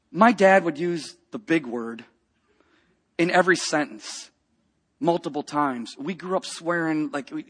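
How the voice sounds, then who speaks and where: A man preaching a personal testimony, telling a story with lively acted-out quotes and dropping to a hush for tender moments. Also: a little high, slow pace, pauses often, breathy edge. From grew up in a rough biker family.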